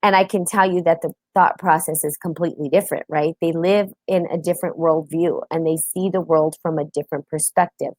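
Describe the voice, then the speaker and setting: A woman's voice: low voice, fairly even intonation, brisk, few pauses, darkish tone, no room sound. A woman from the United States hosting a live stream, talking openly and casually and greeting viewers by name. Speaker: host.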